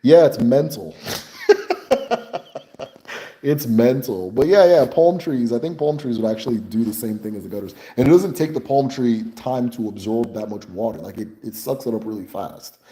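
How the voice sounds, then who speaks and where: A man chatting casually in a live Q&A, loose and profane, rambling between laughs. His voice is dark and mellow, and the room echoes. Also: medium pitch, animated, normal speed. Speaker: host of a spirituality channel.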